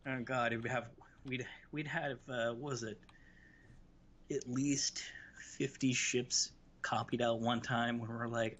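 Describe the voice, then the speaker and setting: A man's voice: mid-range voice, little pitch movement, a little slow, a bit bright. A man hosting a live game stream, chatting casually and reminiscing, with lots of restarts. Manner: rambling, reminiscing, many restarts and fillers. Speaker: livestream host. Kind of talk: casual chat while gaming. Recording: slightly dull stream audio with faint hiss.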